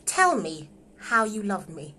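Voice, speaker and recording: A woman's voice: medium pitch, sing-song, takes it slowly, pushed and bright, full character voice. A woman reading a distraught young wife in love with her husband's friend, emotional and pleading, in a live script read-through over a phone. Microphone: phone on a livestream.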